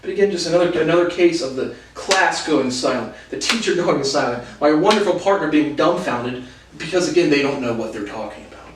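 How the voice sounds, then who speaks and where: A young man spins college stories in a sardonic, profane ramble, often breaking into short laughs. His voice sits a bit high for a man. He sounds set back from the mic in an echoey room, with a faint hiss underneath. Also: expressive, brisk, distant mic. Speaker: host. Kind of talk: casual storytelling monologue. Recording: roomy echo, voice off-mic, faint noise.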